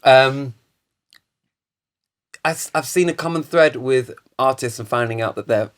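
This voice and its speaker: A man's voice: mid-range voice, unhurried. Male host, easygoing couch-chat talker, rambles through stories with energy. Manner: rambling, animated storytelling with laughs. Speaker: podcast host. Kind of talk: casual chat. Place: studio couch.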